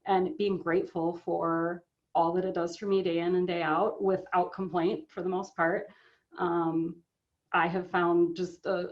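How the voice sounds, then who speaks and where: A woman's voice: lowish voice, highs cut off. A middle-aged woman speaking as an interview guest, earnest and conversational, often checking in with "right?" and filler ums. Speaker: guest, author and business owner.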